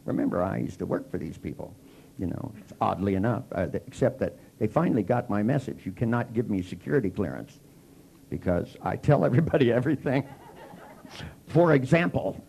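An older man with a gravelly voice, giving a comic storytelling lecture to a seminar audience and wryly acting out both sides of his dialogues. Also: on the low side, animated, fairly quick, a little mellow, a little hiss or hum. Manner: wry, mocking, acts out both sides of dialogues. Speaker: seminar speaker.

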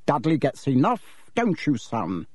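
A man voicing a blustering, bullying middle-aged uncle who roars and snarls in slow, heavy bursts. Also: medium pitch, wildly swooping pitch, a little mellow, slightly rough, no echo, clean studio sound, exaggerated voice. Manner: roaring, snarling, slow and emphatic. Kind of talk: audiobook character voice.

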